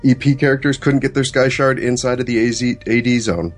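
A man's voice: medium pitch, fairly even intonation, fairly quick, faint music behind. A man co-hosting a casual gaming podcast, laid-back and hesitant. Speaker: podcast co-host, lore segment.

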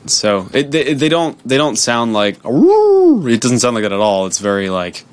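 A man co-hosting a podcast, chatting casually while he plays a game, animated and jokey and prone to silly voices. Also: on the low side, moderate pace, clean tone. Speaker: podcast co-host playing a game. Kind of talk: casual gaming chat.

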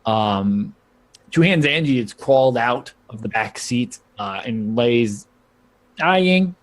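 A man narrates a tabletop game as game master, talking loosely and circling back on himself. His pitch sits in the middle of the usual range for a man. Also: lively intonation, slow pace. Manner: loose, rambling narration with many fillers and restarts.

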